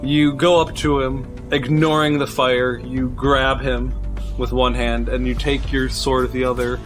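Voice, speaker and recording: A man running a tabletop role-playing game as game master, chatty and quick with frequent laughter. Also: mid-range voice, flat delivery, music in the background.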